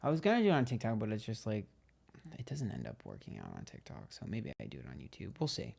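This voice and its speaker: A man's voice: on the low side, very animated, quick pace, creaky, a little mellow, slightly rough. A young man hosting a livestream tarot channel, telling stories in a chatty, gossipy way and swearing freely. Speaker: tarot reader and livestream host. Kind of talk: casual livestream chat.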